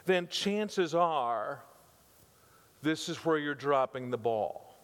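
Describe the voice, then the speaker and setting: This older man, a pastor, speaks in a fairly high, expressive, smooth voice and takes his time. His sermon is conversational, driven by emphatic repetition and questions thrown out to the congregation, and the audio echoes like a hall.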